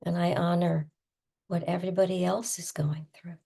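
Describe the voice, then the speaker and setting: A woman stress coach leading a guided tapping session, soft-spoken and soothing, calling out tapping points between gentle affirmations. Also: fairly low pitch, unhurried. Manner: soft-spoken, calm and soothing, breathy sighs.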